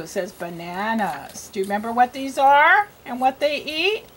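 A woman reading teacher gives a slow phonics lesson to young children, patiently sounding out letters and repeating each word. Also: a little high, expressive, a bit bright, a little hiss or hum.

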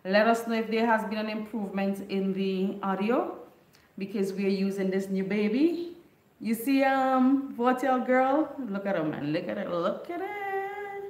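A woman hosts a casual livestream, greeting viewers by name and laughing often. She talks at an easy, unhurried pace. Her voice rings in a roomy, echoey space. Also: mid-range voice. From Caribbean island. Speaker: livestream host.

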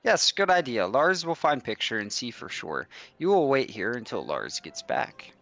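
A man's voice: mid-range voice, big pitch swings, a bit bright. A man doing a big dim-witted ogre. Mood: menacing. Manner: broken simple speech, slow and confused.

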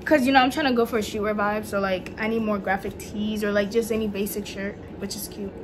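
A young woman chatting casually in a home vlog, excitable and gushing, full of slang, with faint noise in the background. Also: mid-range voice, fast talker. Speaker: vlogger. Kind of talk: casual haul vlog chat. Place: home room at night.

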